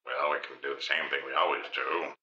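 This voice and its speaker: A man voicing a scheming, oily male financial adviser in a comedy audio sketch, smooth and conspiratorial. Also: a bass voice, steady tone, fast talker, sharp tone, exaggerated voice. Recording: echoey muffled room recording.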